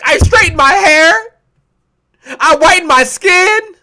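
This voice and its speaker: A man's voice: very high voice, expressive, slow, pushed and bright, pitched above the performer's own voice, full character voice. A man voicing a plaintive fired worker who complains online, whining and pleading. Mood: aggrieved whining. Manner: whiny, pleading.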